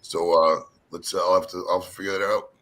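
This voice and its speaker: Casting: male stream host, hoarse, bright tone, loose rambling profane chatter. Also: deep voice, level tone, a little fast, poor audio. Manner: rambling, profane, laid-back. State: hoarse from talking all day. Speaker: panel show host. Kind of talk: casual live-stream chat.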